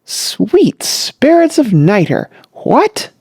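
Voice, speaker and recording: A narrator voicing an excitable, irritable wealthy older man who splutters his exclamations. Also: mid-range voice, a little slow, dry recording, studio quality. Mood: aghast.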